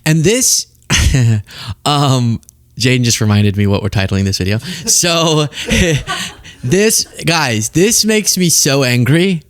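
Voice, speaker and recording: A young man hosting a political commentary show, talking straight to camera in an exasperated, animated way and often laughing mid-rant. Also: on the high side, takes it slowly, dry recording.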